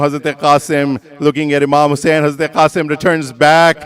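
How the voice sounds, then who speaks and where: A man giving a religious sermon as emotional storytelling, building from hushed telling to impassioned, near-chanting cries. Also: a little high, little pitch movement, normal speed, few pauses. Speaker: religious speaker.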